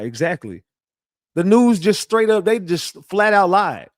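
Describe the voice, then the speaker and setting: A man's voice: a little high, measured pace, no room sound. Boastful, swearing livestream man, dry close mic. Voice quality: profane, animated, repetitive restarts. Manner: defensive, boastful, talks to chat. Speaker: livestream commentator. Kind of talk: casual livestream rant.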